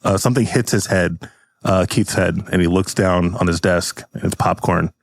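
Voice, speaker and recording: A man's voice: sits low, normal speed, no echo. A man hosting a podcast, casually narrating an improvised comedy scene. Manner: casual, laid-back scene-setting. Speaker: podcast host.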